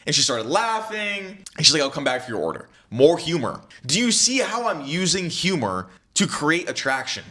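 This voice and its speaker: Young man, dating coach, casual storytelling, very animated pitch, bright voice. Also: normal speed, hardly any pauses. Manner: animated, acts out both sides of dialogue.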